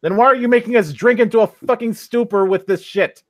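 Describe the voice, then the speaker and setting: A man's voice: very high voice, a little fast, dry recording. A man hosting a casual podcast, reading a review aloud and mocking it with crude sarcasm. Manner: sarcastic, profane, heckles as he reads.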